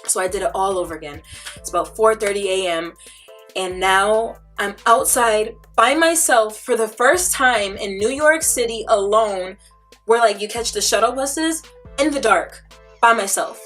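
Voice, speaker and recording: A woman vlogger telling a story casually, animated and dramatic, with lots of "like" fillers. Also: mid-range voice, a little slow, faint music behind. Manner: chatty, filler-heavy.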